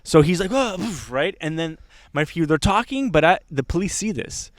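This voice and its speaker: A man's voice: fairly high pitch, a little fast, dry recording, clean studio sound. A man telling a wild story in casual podcast chat, acting out the voices of the people in it. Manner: animated, acts out voices in his stories. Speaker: podcast host.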